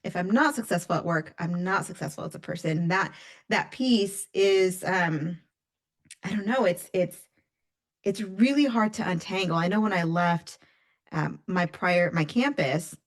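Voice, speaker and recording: A woman's voice: on the low side, a little slow. A woman who works as a coach, talking emphatically in a casual podcast conversation and speaking straight to listeners.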